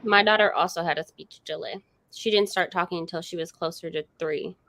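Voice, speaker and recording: A woman chatting on a video call, expressive and playful, mimicking others as she talks. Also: on the low side, brisk, gravelly. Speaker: reading sprint guest. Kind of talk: casual group chat.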